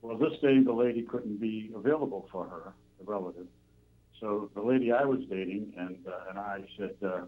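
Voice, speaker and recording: A man's voice: lowish voice, normal speed, a little hiss or hum. An older man calling in to a radio show, telling a rambling story full of fillers. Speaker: caller. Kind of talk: phone-in anecdote. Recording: tinny phone line.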